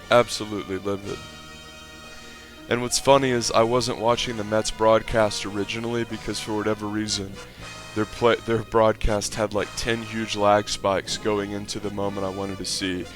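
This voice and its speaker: Profane, exasperated man with a low voice. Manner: profane, exasperated, bursts into shouting excitement. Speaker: online video commentator. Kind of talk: mock play-by-play commentary and rant.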